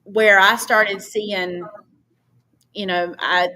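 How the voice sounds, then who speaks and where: A woman, a podcast guest telling personal stories in a casual, animated way and acting out her own past dialogue. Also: mid-range voice, very slow. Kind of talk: casual storytelling.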